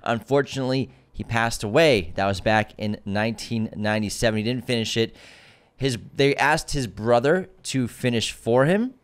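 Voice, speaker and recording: A man's voice: mid-range voice, normal speed, smooth. Man co-hosting a casual movie podcast. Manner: teasing, argumentative banter. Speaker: podcast co-host.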